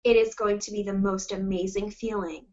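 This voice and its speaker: A woman's voice: medium pitch, flat delivery, normal speed, darkish tone, highs cut off. A woman giving an earnest, encouraging motivational talk to her sales team, fighting back tears as she speaks.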